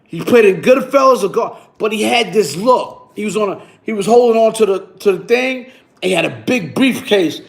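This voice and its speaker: A man telling a story on his vlog in an animated, boastful way, full of slang and repeated phrases. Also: high-pitched, normal speed, creaky. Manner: slang-heavy, repetitive, boastful.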